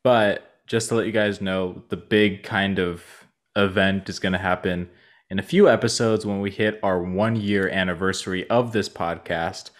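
A man's voice: low voice, steady tone, moderate pace. A man co-hosting a casual podcast, talking in an easygoing, laid-back way. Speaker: podcast co-host.

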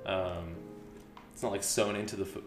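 Low-voiced young man in an echoey room. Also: fairly even intonation, moderate pace, distant mic. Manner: laid-back, rambling, many fillers. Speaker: guest showing his closet. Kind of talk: casual chat. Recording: echoey room, background music.

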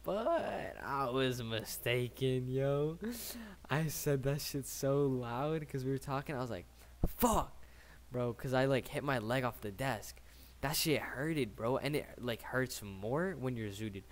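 A man's voice: mid-range voice, unhurried. A young man in his late teens telling a casual story, rambling and slangy, swearing often and tagging his sentences with "right?".

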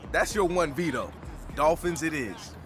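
An actor playing an easygoing young male hacker in video game dialogue, answering in a calm, dry, amused way. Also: on the high side, measured pace. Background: game music.

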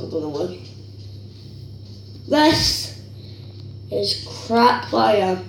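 A woman hosting a gaming video, chatting casually and rambling, and breaking into excited squeals over what she gets. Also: mid-range voice, extremely slow, vocal fry, roomy sound, recorded from a distance, slight background noise, poor audio. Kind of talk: casual pack-opening commentary.

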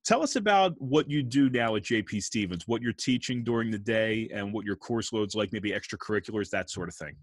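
Host: relaxed man with a lowish voice, dry video-call audio, casual friendly interviewer. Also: brisk, few pauses, dry recording. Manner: relaxed, friendly, jazz slang. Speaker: host, band director.

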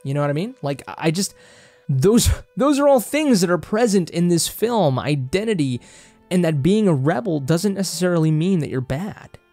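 A young man with a Mexican Spanish accent rants about a film in a heated, emphatic vlog monologue, his voice sitting a bit high for a man. The sound is close and dry, with faint music underneath. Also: animated, moderate pace, dark tone, no room sound. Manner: heated, emphatic, swears a lot, gets worked up. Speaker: film vlogger. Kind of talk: passionate movie review monologue.

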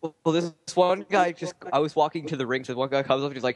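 A man's voice: medium pitch, quick pace, few pauses. A young man chatting casually on a podcast, telling a short, bemused story. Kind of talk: casual chat.

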